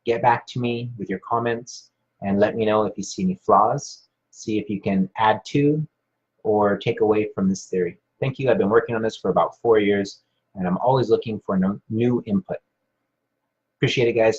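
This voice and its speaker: A man's voice: on the low side, normal speed, a little mellow. A man hosting a live stream, casually rambling with many fillers and restarts while reading viewer comments. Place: Hawaii. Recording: dull lo-fi sound.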